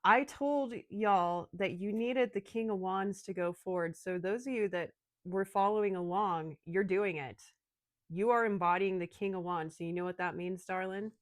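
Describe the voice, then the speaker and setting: A woman giving an emotional, excitable channeled tarot reading, speaking straight to her viewers. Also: mid-range voice, moderate pace, no echo. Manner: emotional, excitable, addresses listeners as darling. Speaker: tarot reader.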